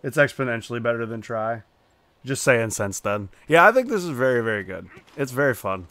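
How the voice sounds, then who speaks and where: A man's voice: medium pitch, lively intonation, brisk, a bit bright, no room sound. Joking man streaming a game. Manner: joking, profane banter. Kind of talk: casual gaming chat.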